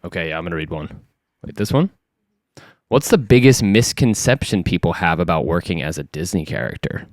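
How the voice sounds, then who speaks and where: Deep-voiced laid-back male co-host. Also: animated, a little fast, dry recording, clean studio sound. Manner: laid-back, short agreeing replies. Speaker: podcast co-host. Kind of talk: casual podcast interview.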